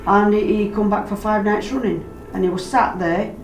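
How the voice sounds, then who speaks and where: A woman's voice: mid-range voice, normal speed, soft background music. A woman telling stories casually and animatedly about strange happenings in a house, acting out what people said. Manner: animated, acts out quoted voices, dialect grammar. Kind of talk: casual storytelling. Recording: roomy, distant mic, background noise.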